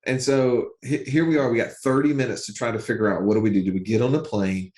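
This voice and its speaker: Animated man telling a story, roomy sound. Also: medium pitch, quick pace. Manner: animated, repeats himself, acts out quotes. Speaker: podcast co-host. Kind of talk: casual storytelling chat.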